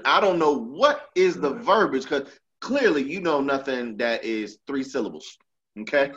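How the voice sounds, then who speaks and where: Blunt, profane podcast co-host. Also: male voice, mid-range voice, big pitch swings, normal speed, fairly bright tone, muffled recording. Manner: blunt, profane, mocking, laughs often. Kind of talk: casual chat.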